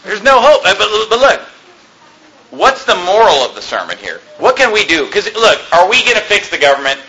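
Fiery high-voiced preacher man. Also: sing-song, moderate pace, low-quality recording. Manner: emphatic, shouting rebukes, reading scripture aloud. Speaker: pastor. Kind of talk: fiery sermon.

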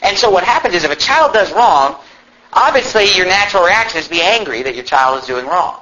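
A man preaching a sermon in an animated way, now and then shouting mocking impressions. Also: sits high, a little fast, muffled recording. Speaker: pastor.

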